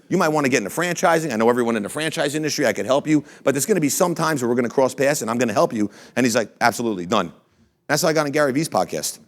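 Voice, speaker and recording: Brash, energetic man telling stories. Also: mid-range voice. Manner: energetic storyteller, brash and boastful. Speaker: franchise CEO and speaker. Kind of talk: motivational talk to an audience.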